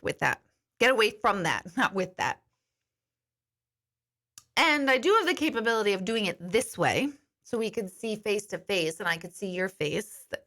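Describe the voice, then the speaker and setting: Her voice is mid-range with a sharp tone. Working as an intuitive medium and life coach, she answers viewer comments on a candid, chatty live stream from a studio, swearing from time to time and apologizing.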